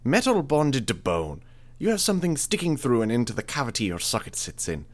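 A man's voice: medium pitch, big pitch swings, a little fast, pitched above the performer's own voice. A man doing a clipped medic with a hard-to-place accent. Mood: clinical. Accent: hard-to-place foreign accent. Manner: hard emphasis on syllables. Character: clinical male medic, clipped.

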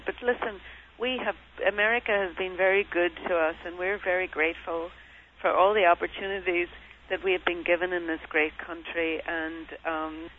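A middle-aged woman from Northern Ireland with a softened Northern Irish accent, chatting as an interview guest with many fillers. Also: deep voice, slight background noise. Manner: warm and chatty, with frequent fillers. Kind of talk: interview on a phone line. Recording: tinny phone line.

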